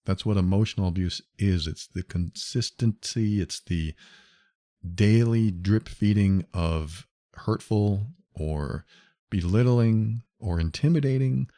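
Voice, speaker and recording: A man's voice: sits low, warm tone, no room sound, studio quality. A man hosting a solo podcast, talking earnestly and directly to the listener as he explains. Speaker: podcast host.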